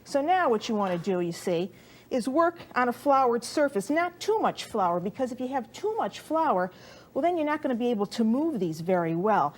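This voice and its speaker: A woman's voice: fairly high pitch, sing-song, normal speed. A middle-aged woman hosting a cooking show, chatting to viewers as she works dough in a studio kitchen. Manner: warm, chatty, talks to the viewer while kneading dough.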